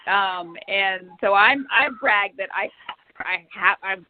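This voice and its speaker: A female podcast host speaks slowly in a mid-range voice, warmly effusive and encouraging as she interviews a guest in an upbeat chat. The recording has a thin, phone-line quality and faint noise.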